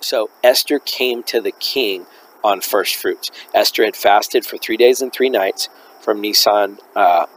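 Low-voiced guy teaching on his podcast, muses and corrects himself a lot, bit of faint hiss. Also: a little slow, low-quality recording. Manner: musing and self-correcting while teaching, reads quoted text aloud.

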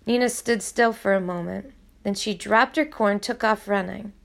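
A woman narrating a novel aloud in a steady, even storytelling voice. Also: medium pitch, moderate pace, vocal fry. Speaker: audiobook reader.

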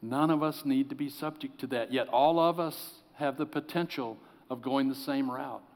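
A man preaching a sermon as pastor, earnest, sometimes dropping to soft, pleading tones. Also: mid-range voice, moderate pace. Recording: long hall reverb.

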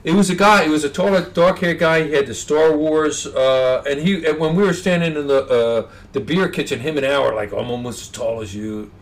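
Guy cohost telling a party story, acts out quotes big, slightly high voice, has a cold. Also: a little fast, few pauses. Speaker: podcast co-host. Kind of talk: casual chat.

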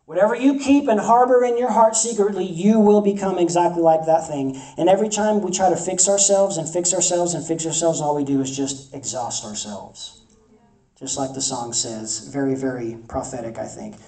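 Preacher giving a sermon, warm mellow tone, mic a bit far off, roomy echo. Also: medium pitch, normal speed. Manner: emphatic, repeats phrases for effect. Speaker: campus ministry preacher.

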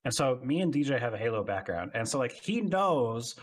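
A man's voice: mid-range voice, big pitch swings, a little fast. A man co-hosting a podcast, telling a story in casual chat with fillers. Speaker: podcast co-host.

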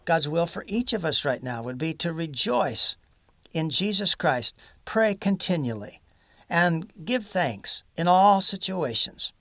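A man with a gravelly, slightly high voice preaches in an earnest, folksy style and adds homespun humor between scripture points. His voice is close and dry, with little room sound. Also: very animated, measured pace, a bit bright, dry recording. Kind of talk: sermon.

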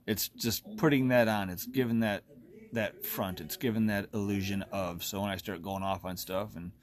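A man's voice: fairly low pitch, fairly even intonation, moderate pace. A man in his forties hosting a solo podcast, ranting bluntly and with lots of profanity, often laughing at himself. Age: 40s. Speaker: podcast host.

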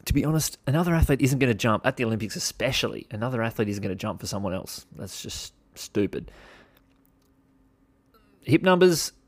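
A low-voiced Australian man with some fry in his voice, talking through his gripes on a casual solo podcast. He is blunt and swears freely, with a mock-exasperated edge. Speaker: podcast host.

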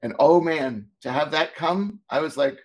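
A man, a former teacher co-hosting a talk show, telling stories in a lively, casual way and acting out what people said. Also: a little high, normal speed. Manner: animated, acts out quoted dialogue. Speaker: podcast co-host, former teacher. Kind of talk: casual storytelling chat.

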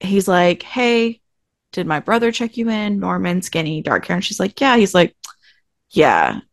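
A woman's voice: mid-range voice, moderate pace, dry recording. Woman podcast host chatting bout a tv finale, acts out the lines, dry close mic. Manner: animated retelling, acts out characters' lines. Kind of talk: casual recap chat.

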